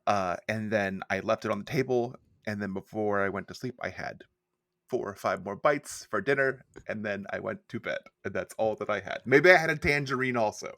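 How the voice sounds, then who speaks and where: A man's voice: lowish voice, moderate pace, pushed and bright, no room sound, clean studio sound. A man co-hosting a podcast, telling a rambling, self-deprecating story in a casual chat. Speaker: podcast co-host and editor.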